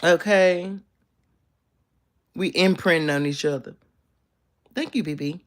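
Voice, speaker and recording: Low-voiced sassy young woman. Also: slow. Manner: playful, sassy, teasing. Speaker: live streamer. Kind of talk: casual chat reading viewer comments. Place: bedroom, in bed.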